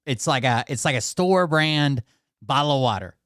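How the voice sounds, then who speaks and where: A male channel host rants casually to his viewers, addressing them directly, exasperated and swearing often. His mid-range voice is fairly bright with lively intonation at a normal pace, recorded in studio quality with no echo.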